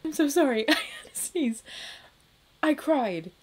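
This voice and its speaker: A woman's voice: high voice, expressive, measured pace. A young woman reacting to music from a small room at home, emotional and gushing, laughing between words. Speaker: reaction video host.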